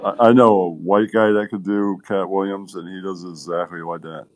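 Brief: stoned mellow guy, low pitch, casual drawl, dry mic. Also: steady tone, moderate pace, dry recording. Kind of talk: casual chat.

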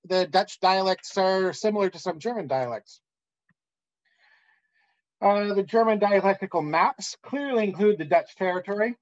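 A man giving an academic conference talk, measured and pausing often with "uh.". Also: high-pitched, lively intonation, muffled recording. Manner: measured, with frequent "uh" pauses. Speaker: academic lecturer.

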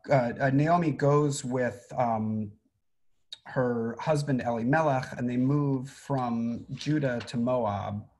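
A middle-aged man, a rabbi, giving an informal talk on a Bible story, conversational, with frequent ums and restarts. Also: mid-range voice. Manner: conversational, many fillers and restarts. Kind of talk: informal Torah teaching.

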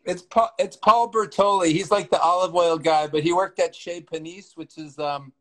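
This male guest cook has a high-pitched voice, fairly even intonation and a moderate pace, captured on a low-quality recording. While cooking on a live video call, he chats in a relaxed way and jokes about himself, growing loud as he leans in.

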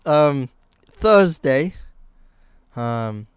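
A man's voice: animated, drawn-out words, smooth, no echo. A man doing an exaggerated, playful put-on British accent as a slangy young bloke. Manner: exaggerated, playful, higher and louder.

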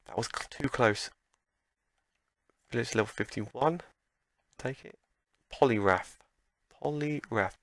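A man commentating on his own playthrough, his voice gravelly and mid-pitched. He reacts loudly to every turn and argues with the screen, recorded dry and close. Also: no echo. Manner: excitable, talks back at the game. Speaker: let's play commentator. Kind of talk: gameplay commentary.

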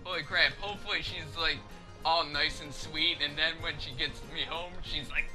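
A man's voice: a little high, fairly even intonation, moderate pace, over music. A man giving casual, jokey commentary while playing a video game. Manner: jokey, goofy. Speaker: let's play host.

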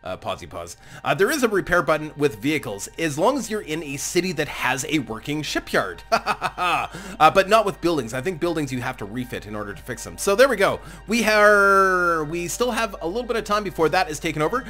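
A man giving casual gameplay commentary as a let's play host, excitable and thinking aloud, chuckling often. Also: a little high, fast talker. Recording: game music playing under the voice.

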